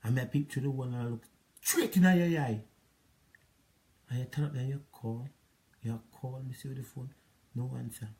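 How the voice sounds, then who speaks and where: A man's voice: mid-range voice, moderate pace, long pauses, mellow. Scolding Jamaican man ranting. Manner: repetitive, scolding, rambling. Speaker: relationship advice vlogger. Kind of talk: ranting monologue to an ex.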